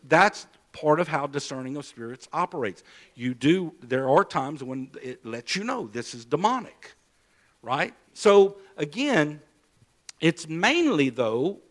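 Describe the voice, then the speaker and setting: A man preaching, telling a personal story in a sermon, moving between hushed low stretches and loud raised emphasis, with many repeats and restarts. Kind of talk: sermon testimony.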